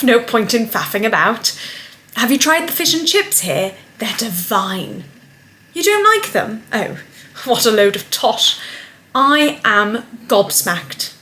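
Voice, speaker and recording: A woman's voice: a little high, fairly bright tone. A woman putting on an exaggerated, sing-song British character with a mix of posh and Cockney accent in a comic advert. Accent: mixed posh British and Cockney.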